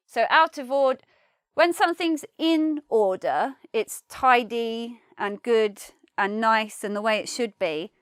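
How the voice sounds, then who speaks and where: A woman with a smooth, clear, slightly high voice teaches English slang in an online lesson. She explains each phrase lively and acts out the angry examples, in a dry, close sound. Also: no room sound.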